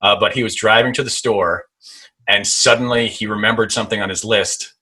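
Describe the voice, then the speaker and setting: A man chatting casually on a podcast, telling stories. His voice is low, bright and husky. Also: fairly even intonation, a little fast, rough recording. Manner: storytelling, chatty. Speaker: comedian guest.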